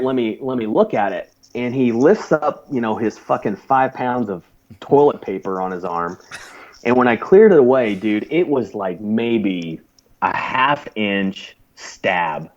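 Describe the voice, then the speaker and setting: A man's voice: mid-range voice, lo-fi sound. A man who is a former navy corpsman, telling a long war story as a podcast guest, swearing freely and laughing as he goes. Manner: profane, animated, laughs while telling. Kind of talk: casual storytelling.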